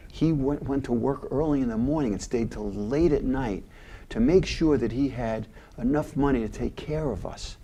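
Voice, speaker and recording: A man quietly retelling a gruff old working-class father speaking about his own father. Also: sits high, voice pushed up. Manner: quiet, hushed.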